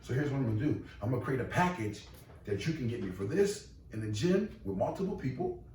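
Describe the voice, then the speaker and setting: A man who owns and runs a boxing gym, talking casually in a podcast interview, emphatic and animated with many repeated restarts. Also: mid-range voice, fast talker. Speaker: boxing gym owner and trainer. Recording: echoey room, distant mic, faint noise.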